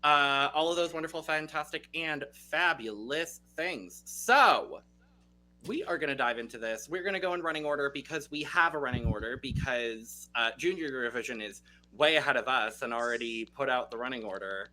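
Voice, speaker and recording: Man, podcast host, casual chat, playful, filler-heavy, very bright tone. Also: medium pitch, normal speed, poor audio. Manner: upbeat, playful, with many fillers.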